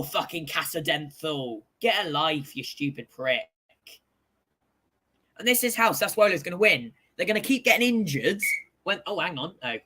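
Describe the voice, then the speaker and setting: Excitable, bright-voiced male football host. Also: high-pitched, moderate pace, slightly rough. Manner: excitable, swears, reads out scores. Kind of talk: casual live football commentary.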